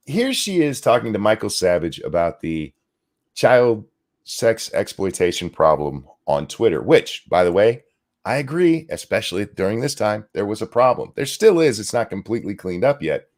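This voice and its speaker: Profane ranting man with a lively voice. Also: fairly low pitch. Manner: profane, indignant, fast bursts. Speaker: commentary show host. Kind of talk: ranting commentary.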